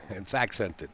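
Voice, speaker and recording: A man with a low, deep voice calls a live pool match in a relaxed, folksy way. He rambles between shots and fills the gaps with uhs. A faint hum sits under his voice. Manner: chatty, folksy, laughs easily, frequent fillers. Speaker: pool commentator. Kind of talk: live sports commentary. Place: pool hall commentary booth.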